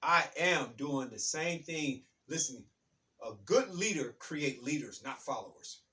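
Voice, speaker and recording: A man giving an emphatic, repetitive motivational talk like a preacher, building to loud peaks. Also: medium pitch, expressive, unhurried, recorded from a distance. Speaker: author and self-help speaker.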